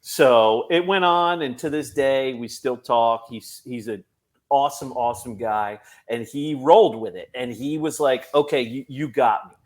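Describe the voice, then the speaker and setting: A man with an ordinary mid-range voice tells a funny work story on a podcast. He is animated and laughs through his own telling. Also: medium pitch, unhurried. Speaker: police officer guest.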